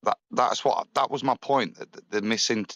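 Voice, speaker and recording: A man's voice: mid-range voice, normal speed, fairly bright tone, dry recording. A man on a live panel, making his case earnestly and often restarting his sentences.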